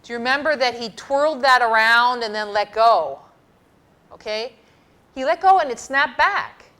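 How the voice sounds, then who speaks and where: A woman's voice: on the high side, lively intonation, moderate pace, sharp tone. Woman lecturing a university class. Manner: explanatory, emphatic, talks through slides and answers students. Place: lecture hall.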